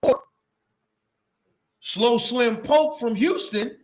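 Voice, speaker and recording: A man's voice: very high-pitched, extremely slow. A man in a casual debate among friends, talking profanely, often cutting in and restarting his sentences.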